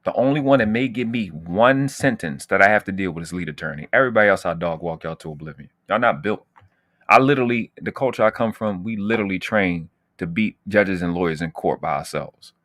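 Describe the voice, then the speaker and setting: A brash man with a lowish voice hosts a casual livestream, talking straight to his chat. His talk is slangy and boastful, full of trash talk. The sound is close and dry, with no room around it. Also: lively intonation, a little fast, fairly bright tone, dry recording. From United States. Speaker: channel host.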